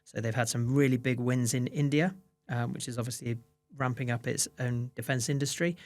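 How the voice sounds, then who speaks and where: A man's voice: mid-range voice, steady tone, a little fast, a little mellow, no room sound. A man, a fund manager, answering interview questions with many restarts and fillers. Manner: hesitant restarts, many "you know"s.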